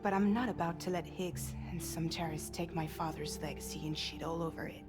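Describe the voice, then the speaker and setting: A woman's voice: deep voice, steady tone, fairly quick, natural voice. An actress voicing a guarded, world-weary young woman in video game cutscene dialogue, speaking bluntly. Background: game score music.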